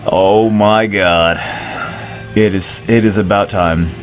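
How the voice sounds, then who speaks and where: A man giving excited commentary over a mobile game, giddy, loud and swearing, laughing as he plays. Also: on the low side, slow, faint music behind. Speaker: mobile game video creator.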